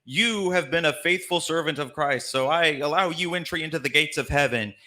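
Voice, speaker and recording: A man's voice: on the high side, fairly quick, bright, forceful tone. A man acting as a solemn robed judge. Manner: mock-solemn pronouncement. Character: solemn robed judge at a church play, male. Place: live theater stage.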